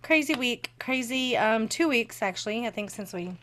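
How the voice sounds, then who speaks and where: A woman co-hosting a podcast in casual chat, animated, swearing freely and laughing often. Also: a little high, moderate pace. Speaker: podcast co-host.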